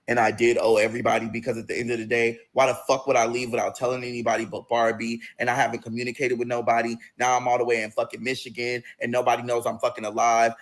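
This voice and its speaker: A young man telling a personal story in a casual, profane, emotional way, acting out the other people's lines. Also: mid-range voice. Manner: profane, emotional, acts out quoted voices. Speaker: storyteller recounting personal events.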